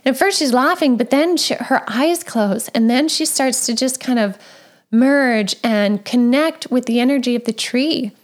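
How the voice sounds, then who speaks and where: A woman, a parent, talking casually and gently about raising children, with frequent conversational fillers. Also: high-pitched, a little slow. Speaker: parent sharing advice. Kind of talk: casual advice talk.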